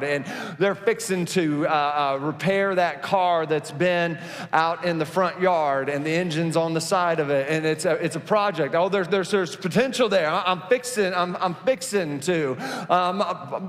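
High-voiced folksy pastor in a big hall. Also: male voice. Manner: folksy, repeats and restarts words. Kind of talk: sermon.

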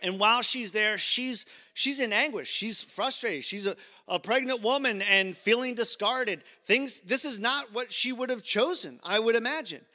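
Bright-voiced man preaching, playful. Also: very high voice, normal speed, long reverb tail. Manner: conversational, playful asides to the congregation. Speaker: pastor. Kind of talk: sermon.

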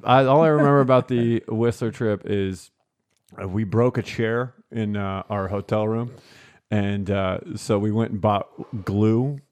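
A man's voice: on the low side, steady tone, unhurried, darkish tone, smooth. A young man chatting casually on a podcast, recalling a story in a loose, laid-back way with plenty of fillers. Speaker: podcast co-host. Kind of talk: casual chat.

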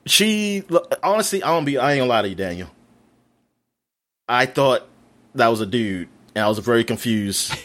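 A man co-hosting a podcast, chatting in an animated way, swearing and laughing often. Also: mid-range voice, moderate pace, pauses often. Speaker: podcast co-host. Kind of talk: casual chat.

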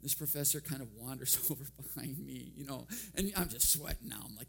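A man's voice: mid-range voice, brisk, creaky, a bit bright. A man preaching a sermon, telling personal stories with a self-deprecating, humorous touch and frequent chuckles. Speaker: guest preacher.

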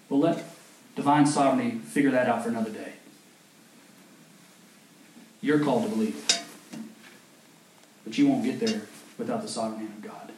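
A man's voice: mid-range voice, moderate pace, pauses often, a little mellow. A male pastor preaching a sermon, telling a story and rising to fervent emphasis. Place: church sanctuary. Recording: echoey church hall with faint noise.

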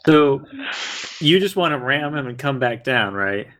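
A man acting as game master in a tabletop role-playing session, narrating with hesitant pauses and laughter. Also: medium pitch, expressive, fairly bright tone. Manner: hesitant, laughing, lots of fillers.

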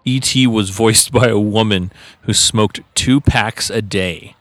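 An easygoing male co-host with a somewhat low voice, trading stories and trivia with a ready laugh. The recording is dry and close-miked. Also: slow, a bit bright, dry recording. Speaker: podcast co-host. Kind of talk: casual chat. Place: local market at an art college.

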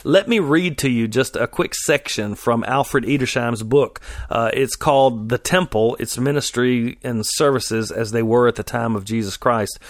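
A man's voice: medium pitch, normal speed, few pauses, dry recording. Man teaching Scripture in a very dry room. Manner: conversational, frequent fillers and restarts while reading scripture aloud. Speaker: Bible teacher. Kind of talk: sermon-style Bible teaching.

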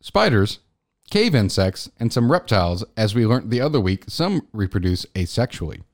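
Blunt low-voiced man, dry humor. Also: big pitch swings, moderate pace. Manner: dry, blunt, swears casually. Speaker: podcast co-host. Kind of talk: casual chat.

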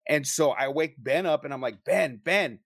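A young man telling a story to friends in a casual, profane, animated way, acting out what people said. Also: mid-range voice, a little fast, dry recording, studio quality. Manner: profane, animated storyteller who acts out quotes. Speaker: paranormal investigator telling a story.

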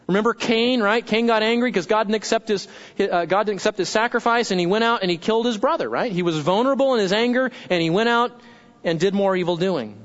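A man's voice: high-pitched, dull audio. A pastor preaching a sermon, talking in a conversational way and asking his congregation questions.

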